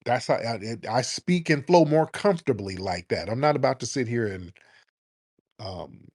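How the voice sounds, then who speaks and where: A brash male host from the United States takes calls and rants. He swears freely and hammers his points home with emphasis, in a mid-pitched voice. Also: expressive, normal speed, darkish tone. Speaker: radio show host. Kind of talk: call-in talk show.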